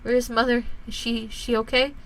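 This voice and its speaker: A woman's voice: fairly high pitch, level tone, moderate pace, voice pushed up, poor audio. Woman doing a frightened, tearful teenage boy. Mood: shaky. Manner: hesitant, shaky, soft.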